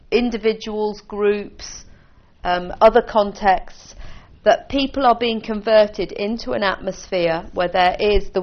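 A woman's voice: mid-range voice, dull audio. Woman teaching a small group. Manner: conversational, with restarts and light laughs. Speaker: church leader teaching on church planting. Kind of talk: informal teaching talk to a group.

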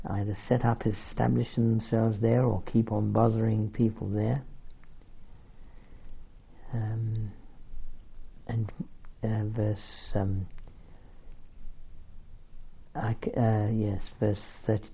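A preacher with a lowish, husky voice and vocal fry delivers a sermon-style Bible teaching. He reads verses aloud and comments on them, adding fillers and asides, in a muffled lo-fi recording.

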